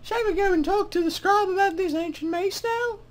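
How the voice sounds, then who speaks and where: A man voicing a young female cave goblin in a high falsetto with a deliberately bad mock British accent. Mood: chirpy. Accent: mock British, done badly. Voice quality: high, sing-song falsetto.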